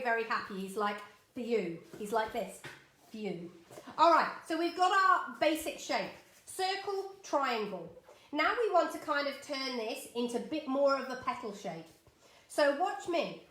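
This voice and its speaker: A middle-aged woman leads a live drawing lesson from her home studio, bright and high-pitched, chatting and encouraging her viewers as she works. Her voice rings in a roomy, echoey space. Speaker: art teacher.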